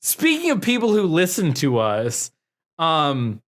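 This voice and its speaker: A man's voice: fairly high pitch, huge pitch swings, slow, a bit bright. A man co-hosting a comedy podcast, bantering casually, joking and swearing, often trailing off with fillers. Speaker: podcast co-host.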